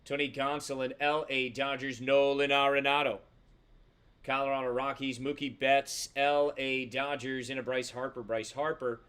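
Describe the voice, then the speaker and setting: A man's voice: mid-range voice, little pitch movement, moderate pace, fairly bright tone, smooth. A man hosting a live trading card box break, chatting casually with viewers, swearing freely and rattling off player names and teams as he opens packs. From Central Florida.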